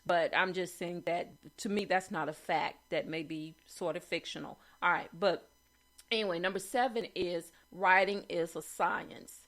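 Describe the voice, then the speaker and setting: Reading writing quotes aloud and commenting casually, this host speaks in a low, fairly bright voice at an unhurried pace. She's chatty, often restarting and using fillers, and asks "okay" along the way.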